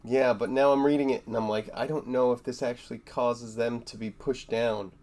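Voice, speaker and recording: A man's voice: mid-range voice, fairly even intonation, normal speed, a little mellow. A man playing a tabletop game, hesitant, thinking aloud over his options. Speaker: player. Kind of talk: casual tabletop play.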